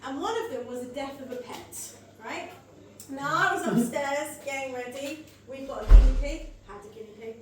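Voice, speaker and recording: A middle-aged woman doing an animated, swearing stand-up set on a club stage. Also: sits high, normal speed, distant mic, noisy background. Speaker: stand-up comedian. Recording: echoey venue mic, audience laughter.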